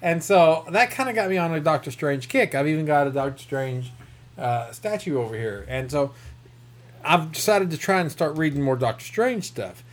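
A man's voice: a little high, animated, normal speed. A man with a rural Southern American accent, rambling through a casual comic book review with self-corrections and chuckles. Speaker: comic book podcast host.

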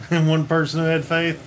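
A man's voice: on the high side, a little hiss or hum. A man co-hosting a podcast, chatting casually and throwing in wry jokes. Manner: wry joking interjections. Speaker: podcast co-host. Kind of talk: casual chat.

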